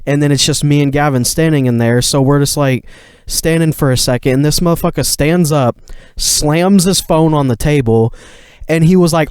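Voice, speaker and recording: Young man, casual podcast rant, profane, smooth clear voice, dry close mic. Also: a little high, brisk, darkish tone, no room sound. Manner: heated, profane, filler-heavy retelling. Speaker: podcast co-host. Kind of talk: casual storytelling chat.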